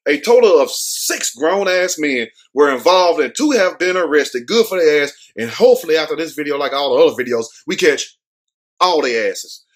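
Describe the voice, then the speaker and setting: Animated profane man hosting news commentary. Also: a little high, moderate pace. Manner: animated, joking, cursing, street slang. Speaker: show host.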